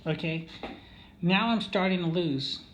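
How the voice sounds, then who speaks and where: A man's voice: high voice, unhurried, fairly bright tone. A man telling a casino story in a rambling way, with many fillers and restarts, often checking in with "okay?". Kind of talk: casual storytelling monologue.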